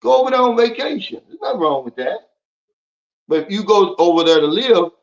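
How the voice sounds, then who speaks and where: A man hosting a casual livestream, talking bluntly and lecturing his viewers as he answers their comments. His voice sits a little high for a man. The audio is dull and lo-fi. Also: expressive, brisk. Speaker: livestream host.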